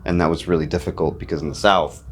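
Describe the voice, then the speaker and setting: Low-voiced, reflective man from North Carolina. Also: steady tone, soft background music. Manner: reflective and articulate, with frequent pauses and fillers. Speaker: musician being interviewed. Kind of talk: backstage interview. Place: festival backstage.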